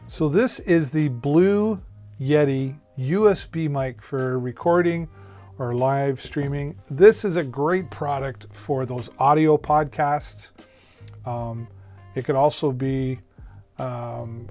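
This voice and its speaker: Man, live-stream host, casual product pitch, folksy chatter, mid-pitched voice, faint music underneath. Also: a little mellow. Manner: chatty, folksy, many fillers and restarts. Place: home streaming setup. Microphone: studio microphone on a mixer.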